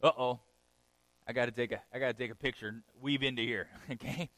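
Male pastor, sermon; dry close sound, lively delivery that swings from loud to hushed. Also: fairly quick, no room sound, poor audio. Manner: animated, swings between loud emphatic peaks and quiet low passages; conversational, checks in with "okay?".

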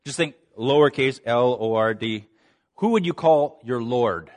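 A middle-aged man preaching a sermon, lively and dramatic, acting out quoted lines with big rises and falls in his voice. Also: a little slow. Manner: animated, acts out quoted voices with big pitch swings.

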